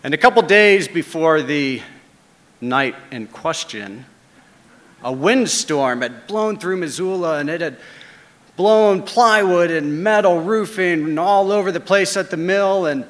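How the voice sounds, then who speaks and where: A man telling a first-person story, swinging between hushed asides and loud dramatic beats. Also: a little high, expressive, measured pace, big-room sound.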